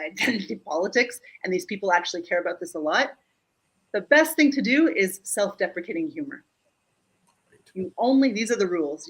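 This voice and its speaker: Brief: woman from Germany, lively joking coach on a video call, mid-pitched voice. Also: poor audio. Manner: animated, joking, quick asides; checks in with frequent "Yeah?". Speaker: guest speaker and humor coach. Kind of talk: live online interview.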